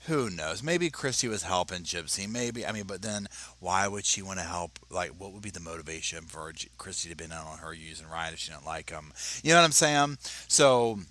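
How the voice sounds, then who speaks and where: Casual male commentary host, lowish voice, animated and chatty. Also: a little fast, hardly any pauses. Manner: animated, chatty, stammering restarts. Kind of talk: casual reaction commentary reading an article. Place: home, at his computer.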